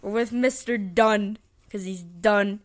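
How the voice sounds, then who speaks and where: A woman's voice: mid-range voice, slow pace. A woman co-hosting a podcast, recapping a movie plot in a rambling, hesitant way and forgetting names. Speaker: podcast co-host. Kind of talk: casual movie review chat.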